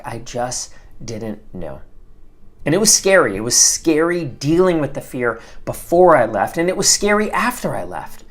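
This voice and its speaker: A man's voice: on the high side, very animated, normal speed. Earnest middle-aged man giving career advice. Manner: earnest, with frequent repeated words and restarts. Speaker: host, former attorney giving career advice. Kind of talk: casual advice talk.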